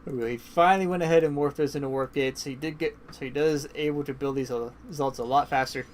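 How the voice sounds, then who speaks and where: A man giving casual, chatty play-by-play commentary on a strategy game match, swinging into excited bursts, and sounding tired. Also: medium pitch, quick pace, slight background noise. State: yawning, tired. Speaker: esports caster.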